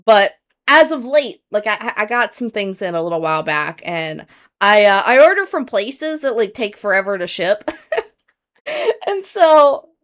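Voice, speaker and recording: A woman's voice: medium pitch, sing-song, a little slow, a bit bright. A woman streamer chatting casually to her viewers, rambling with many fillers and restarts, earnest and candid.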